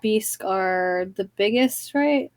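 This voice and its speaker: A woman's voice: mid-range voice, slow, low-quality recording. A woman player at a tabletop game, talking casually and bluntly, swearing freely.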